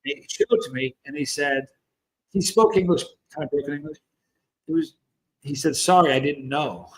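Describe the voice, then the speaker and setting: A man's voice: on the high side, animated, moderate pace, darkish tone, slight background noise, poor audio. A man in his fifties from the United States, hosting a casual livestream and rambling through stories while greeting viewers by name. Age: 50s. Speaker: host of a chili channel.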